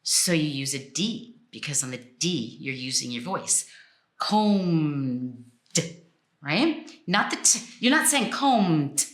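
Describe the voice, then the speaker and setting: A woman teaching phonics in a casual way, slowly sounding out word endings. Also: deep voice, sing-song, pushed and bright, echoey room. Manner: slow and deliberate, sounding out words. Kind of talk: casual explanatory lesson.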